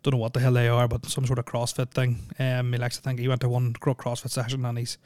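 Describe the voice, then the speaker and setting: A man runs a casual solo podcast, speaking fast and monotone in a medium-pitched, darkish voice with no room sound. He rambles and jokes dryly, peppering everything with ums.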